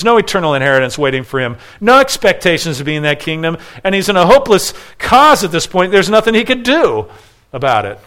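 A man preaching an expository sermon. He is earnest and emphatic, moves from loud stresses to hushed pleading, and stacks short repeated phrases. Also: on the high side.

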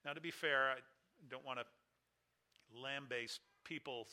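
A man preaching a sermon, emphatic, with big swings in loudness and pitch. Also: steady tone, measured pace. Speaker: pastor.

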